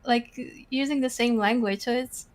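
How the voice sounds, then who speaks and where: A woman's voice: fairly high pitch, fairly even intonation, moderate pace. A woman in a casual group chat, speaking hesitantly and searching for words.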